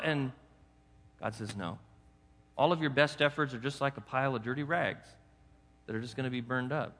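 A middle-aged man preaching a sermon in an animated, conversational way, slipping into quick acted asides. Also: medium pitch. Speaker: pastor. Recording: echoey hall reverb.

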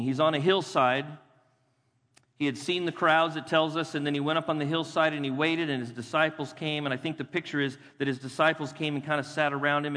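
A man's voice: on the high side, fairly bright tone. Emphatic male pastor in a reverberant hall. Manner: emphatic, repeats key phrases, slows for scripture. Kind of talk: sermon. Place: church sanctuary. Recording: long reverb of a church hall.

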